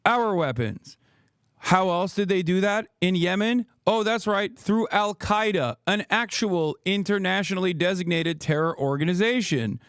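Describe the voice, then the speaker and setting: A man in his thirties delivers a heated political rant on a livestream, swearing freely and firing off sarcastic rhetorical questions. His voice sits high for a man. The sound is dry and close, with no room echo. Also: moderate pace, a bit bright, smooth. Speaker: streamer, political commentator. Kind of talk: ranting livestream commentary.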